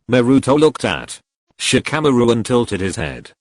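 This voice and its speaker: A man's voice: mid-range voice, big pitch swings, normal speed, dry recording. A man reading a fan story aloud as narrator. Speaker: fanfiction reader.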